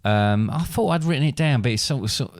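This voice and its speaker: A man's voice: mid-range voice, animated, a little fast, vocal fry, dry recording, studio quality. A man co-hosting a casual podcast, talking hesitantly with many restarts. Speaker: podcast co-host. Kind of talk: casual chat.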